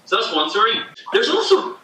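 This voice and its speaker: A man's voice: extremely high pitch, wildly swooping pitch, brisk, pushed and bright. A young man from Northern Ireland with a Northern Irish accent that has a slight Canadian tinge, a podcast guest telling rambling stories with many fillers. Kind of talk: casual chat. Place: home in Canada. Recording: echoey distant remote call with faint noise.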